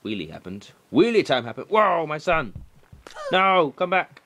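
A young man doing let's play commentary, excitable and swearing, shouting at the game. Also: a little high, unhurried. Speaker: gaming commentator.

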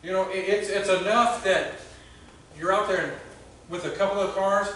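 A male pastor giving a conversational sermon, telling stories with halting restarts. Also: high-pitched, steady tone, a bit bright, slight background noise. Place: church sanctuary. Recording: very echoey church hall from far off.

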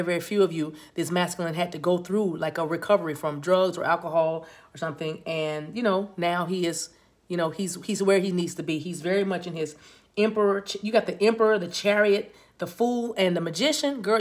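A woman giving a casual, playful tarot reading straight to her viewers, with sudden high exclamations. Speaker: tarot reader.

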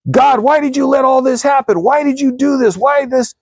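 Brief: a man doing a frantic young job-seeker, pitched high, pleading and desperate. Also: moderate pace, husky, no room sound. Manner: pleading, cries out at God.

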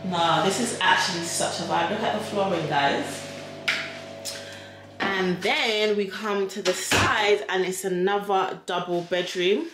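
A woman's voice: medium pitch, fairly even intonation, a little slow. A young woman vlogger talking casually to her viewers, giving a house tour. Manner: chatty, addresses viewers as guys. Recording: echoey room with loud noise.

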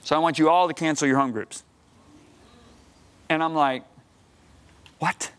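A man in his sixties, a guest preacher on a television studio set, telling a story in an emphatic way that climbs to high, excited outbursts. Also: unhurried, clear, resonant tone. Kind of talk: animated storytelling on a talk show.

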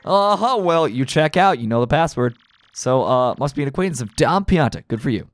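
A man's voice: fairly high pitch, expressive, brisk, no room sound, faint music behind, lightly acted. A man voicing a brusque male doorman checking a password in a video game playthrough.

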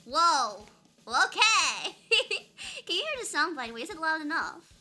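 A woman's voice: very high-pitched, big pitch swings, racing, sharp tone, faint music behind. A young woman streaming a game, chatting playfully with her chat and giggling often. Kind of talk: casual live-stream chat.

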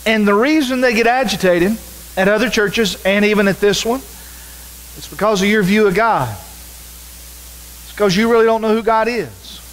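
A man's voice: sits high, expressive, moderate pace, long pauses, a bit bright, poor audio. A man preaching a sermon as pastor, earnest and direct, repeating key words for emphasis.

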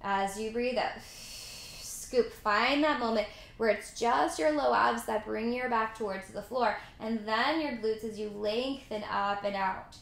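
Woman pilates instructor, bright higher voice, encouraging cues, echoey room. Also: a little slow, creaky. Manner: encouraging, counts reps aloud, chatty asides. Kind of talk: guided workout instruction.

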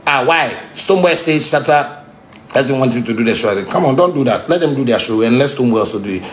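A man with a Ghanaian Pidgin English accent ranting angrily, heated and repetitive, sometimes shouting. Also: mid-range voice, animated, fast. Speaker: musician ranting on a livestream. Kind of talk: angry unscripted rant.

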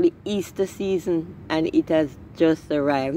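A woman's voice: low voice, moderate pace, few pauses, warm tone, slight background noise, poor audio. Effusive woman touring her garden. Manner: effusive, keeps calling out "my people" and exclaiming. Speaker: garden vlogger. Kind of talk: casual vlog, filming and narrating a garden tour. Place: outdoors in a home garden. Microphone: phone camera held while walking.

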